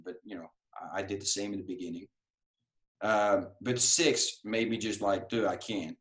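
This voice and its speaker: A man with a fairly low voice shares a personal story as a podcast guest, candid and animated. He often drops in "dude" and "right?" as he talks. His words come across in a roomy, echoing space at home. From Europe. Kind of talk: casual storytelling. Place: home room.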